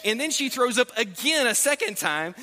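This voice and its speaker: Bright-voiced man telling a story in a hall. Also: extremely high pitch, moderate pace. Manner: animated, self-deprecating anecdote with many restarts. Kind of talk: sermon storytelling. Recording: hall reverb.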